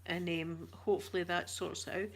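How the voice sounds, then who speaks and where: Chatty Scottish woman, whispering softly. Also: fairly low pitch, little pitch movement, normal speed. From Scotland. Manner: chatty, slipping between whispers and soft talk; uses Scottish words like wee. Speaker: ASMR live streamer. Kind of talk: live-stream chat with viewers.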